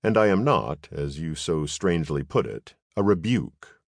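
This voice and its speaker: A man's voice: rumbling low, lively intonation, unhurried, gravelly, dry recording, exaggerated voice. A man voicing a stern, proud male alien warrior who speaks curtly and matter-of-factly. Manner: curt, matter-of-fact.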